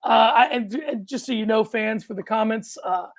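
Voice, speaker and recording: A man co-hosting a casual sports podcast with a gravelly edge to his voice. He talks in an animated, rambling way, often restarting his sentences and breaking into loud outbursts. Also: sits high, normal speed. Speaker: podcast co-host.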